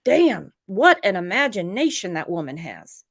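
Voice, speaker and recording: This true crime livestream host is a woman with a medium-pitched voice and normal speed. She talks casually with a guest in an animated way, reading viewer comments aloud.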